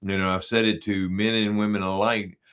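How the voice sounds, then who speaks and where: A man with a low, steady voice hosts a casual podcast conversation. He tells stories as jokes and keeps a relaxed, humorous tone. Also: brisk, smooth. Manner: joking storyteller, laughs at his own stories. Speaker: podcast host.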